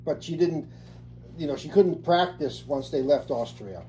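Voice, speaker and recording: Man, warm mellow tone, slightly high voice, family chat, chimes in and corrects. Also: animated, unhurried, slight background noise, rough recording. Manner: chiming in with confirmations and corrections. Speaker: family member. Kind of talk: casual family conversation.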